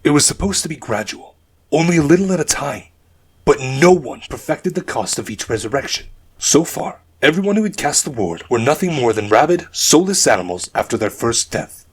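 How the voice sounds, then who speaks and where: Husky male audiobook narrator. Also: mid-range voice, big pitch swings. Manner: measured storytelling. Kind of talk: scripted fantasy narration.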